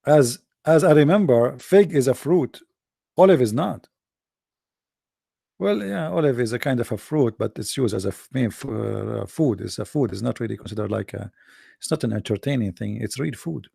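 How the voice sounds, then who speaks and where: A man's voice: mid-range voice, animated, moderate pace, gravelly, dark tone, breathy edge, no echo, studio quality. A man hosting a livestream who talks to his audience in a sarcastic, mocking way. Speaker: host.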